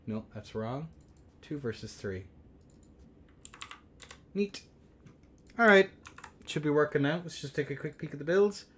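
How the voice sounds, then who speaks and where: A young man hosting a game tournament stream, rambling and swearing between bursts of excited play-by-play commentary. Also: a little high, unhurried, pauses often, a little hiss or hum. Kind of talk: casual livestream game commentary.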